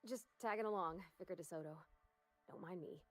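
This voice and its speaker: A woman's voice: fairly low pitch, fairly quick, no echo, soft background music, natural voice. An actress playing a shy, earnest young woman in a video game, speaking in a folksy, plainspoken and hesitant way.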